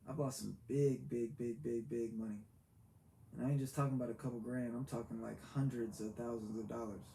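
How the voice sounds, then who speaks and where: Man, motivational monologue, heartfelt and preachy, mellow voice, echoey room, faint hiss. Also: mid-range voice. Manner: heartfelt, repetitive, preachy, with halting restarts. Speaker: motivational vlogger.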